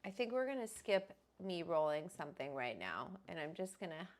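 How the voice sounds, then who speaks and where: A woman's voice: fairly low pitch, big pitch swings, brisk. A woman hosting a casual livestream, chatty and rambling as she greets viewers by name. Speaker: host.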